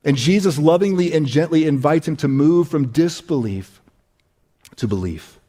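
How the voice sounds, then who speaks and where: A male pastor with a fairly high voice gives a relaxed, conversational sermon. He repeats lines for emphasis, checks in with "right?", and sinks to near-whispers on the weightiest phrases. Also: normal speed.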